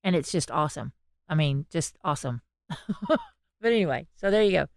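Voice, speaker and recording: A woman co-hosting a podcast, retelling stories with animated quoted voices. Her voice sits a little low for a woman. The sound is dry and close to the mic. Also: moderate pace, vocal fry, no room sound. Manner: animated storytelling, acting out quotes. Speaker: podcast co-host. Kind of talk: casual podcast chat.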